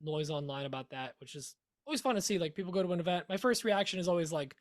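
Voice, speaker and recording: A man's voice: on the high side, animated, fast talker. A man co-hosting a woodworking podcast in casual chat, rambling and joking with frequent laughter. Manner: rambling, jokey, laughs often. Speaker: podcast co-host.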